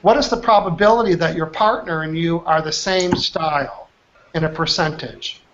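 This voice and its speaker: A man's voice: on the high side, normal speed, fairly bright tone, a little hiss or hum. A man leading an online coaching class, upbeat and chatty, often checking in with his students. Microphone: video call. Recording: muffled online call audio.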